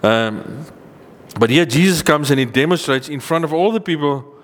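A man preaching a sermon, reading old-style scripture verses slowly and stressing key words with rising pitch. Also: expressive, big-room sound. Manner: earnest, emphatic, rises in pitch on key points, slows to read verses.

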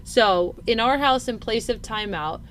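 A woman's voice: on the high side, measured pace, slight background noise. A woman in her thirties co-hosting a casual parenting chat, talking earnestly and thinking aloud with lots of fillers. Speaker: podcast co-host.

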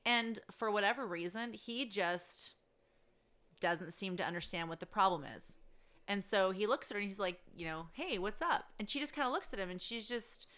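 A woman's voice: medium pitch, moderate pace, sharp tone. A woman casually telling a story to her listeners, laughing often through it, swearing freely and acting out what people said. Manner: acts out quoted speech.

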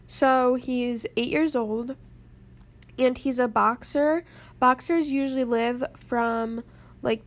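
A tearful young woman rambling through a personal story to camera, halting and close to crying. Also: fairly high pitch. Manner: rambling, halting, many pauses. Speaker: vlogger.

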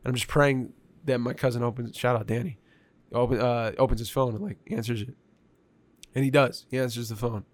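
A man recounts a story in relaxed, conversational talk, swearing freely and filling pauses with filler words. His voice sits at an ordinary middle pitch. The sound is dry and close, with no room echo. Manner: profane, animated, with frequent filler words. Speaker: guest telling a story.

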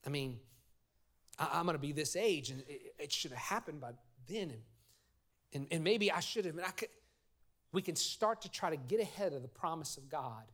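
A middle-aged man preaching a lively sermon as pastor, telling stories and leading his congregation in call-and-response. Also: a little high, moderate pace. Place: church sanctuary.

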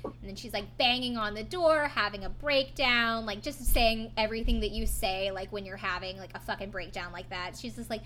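A woman's voice: medium pitch, fairly quick, pushed and bright, slight background noise. A young woman co-hosting a podcast, casually recapping a reality show and swearing freely. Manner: casual, swears freely, retells scenes with quoted voices. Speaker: podcast co-host.

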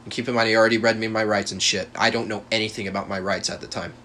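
Heated, bright-voiced young man. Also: lowish voice, level tone, rapid-fire, slight background noise. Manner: heated, profane and emphatic, with many restarts and repeated words. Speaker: podcast host. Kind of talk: personal storytelling monologue.

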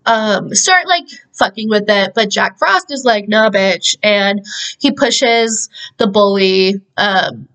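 Slow and medium-pitched, with a fairly bright tone, this young podcast host casually runs through a movie's plot. She's chatty and profane, leaning heavily on "like," and the recording quality is low.

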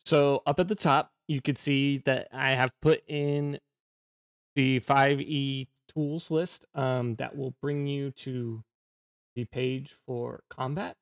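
Gravelly, halting male game master. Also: medium pitch, level tone, dry recording. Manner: casual, filler-heavy, halting. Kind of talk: narrating a tabletop game.

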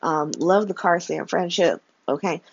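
A woman's voice: on the low side, a little slow, husky, no room sound. Chatty woman recapping a soap. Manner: chatty and slangy, laughs often, frank opinions. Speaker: podcast host. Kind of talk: casual soap opera recap. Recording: slightly dull, dry lo-fi sound.

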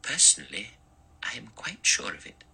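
A man's voice: on the low side, huge pitch swings, creaky, pushed and bright, breathy edge, voice pushed up, heavily acted, poor audio. A man doing a dry, prim old spinster. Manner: dry, brisk, clipped. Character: stern prim elderly spinster, dry and self-righteous. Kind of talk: audiobook character voice.

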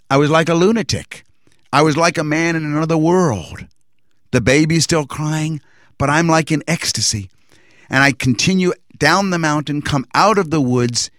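A man telling a personal religious testimony in an earnest, reflective way, pausing and restarting as he recalls events. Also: mid-range voice, no echo, clean studio sound.

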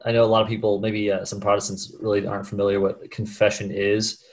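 Low-voiced man gently asking questions. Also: monotone, fast talker. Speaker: host. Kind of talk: interview questions.

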